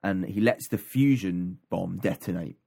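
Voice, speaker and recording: Podcast co-host, male, low-pitched, loose rambling recap delivery. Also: a little slow, creaky, mellow, slightly rough. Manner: rambling, many ums and restarts. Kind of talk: casual chat recapping an audiobook.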